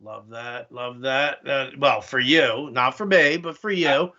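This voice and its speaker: A man's voice: mid-range voice, takes it slowly, sharp tone, highs cut off. A man co-hosting a podcast, chatting casually in a rambling, joking way full of fillers. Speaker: podcast co-host. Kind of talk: casual banter.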